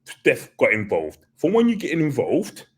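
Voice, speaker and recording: A man's voice: medium pitch, huge pitch swings, a little slow, breathy edge. A man hosting a podcast, chatting casually and hesitantly, often restarting his sentences and chuckling. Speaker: podcast host. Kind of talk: casual chat.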